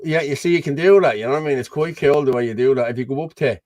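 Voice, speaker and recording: A man's voice: medium pitch, very fast, a little mellow, no room sound. An Irish man talks over a video call in a rambling, blunt way, always circling back with "you know what I mean". His voice sits in the middle range. The sound is dry and close, with no room around it. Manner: rambling, blunt, keeps asking 'you know what I mean'. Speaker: host. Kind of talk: casual political chat over a video call.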